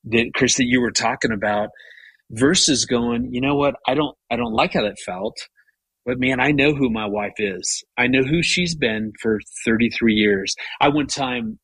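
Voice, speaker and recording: A man in his fifties, a guest telling a personal story with animated retellings and frequent stumbling restarts. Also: medium pitch, husky, dry recording, low-quality recording. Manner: animated, retells his inner rants with rising voice; frequent repeated-word restarts. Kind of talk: storytelling in conversation.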